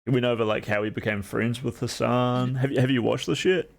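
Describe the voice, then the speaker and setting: A man's voice: mid-range voice, steady tone, brisk, gravelly. A man with a New Zealand accent, rambling wryly through a casual reaction chat as a streamer. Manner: rambling, filler-heavy, wry.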